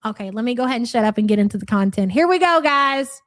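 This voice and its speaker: A woman's voice: fairly high pitch, animated, fast, no echo, clean studio sound. A woman with a Louisville accent hosting a live reaction stream, blunt, sarcastic and profane, reading chat messages aloud. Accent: Louisville Kentucky. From Louisville area, USA.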